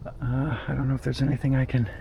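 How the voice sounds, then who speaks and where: Guy talking to himself out in snowy woods at night, mellow voice, jumpy and excitable, faint noise behind. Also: medium pitch, creaky. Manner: excitable and jumpy, talks to himself, quick nervous laughs. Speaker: paranormal investigator, channel host. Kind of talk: solo night walk-and-talk narration.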